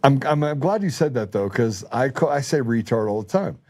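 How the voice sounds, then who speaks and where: Laughing storytelling man, mellow voice. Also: mid-range voice, expressive, a little fast. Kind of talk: casual chat, storytelling.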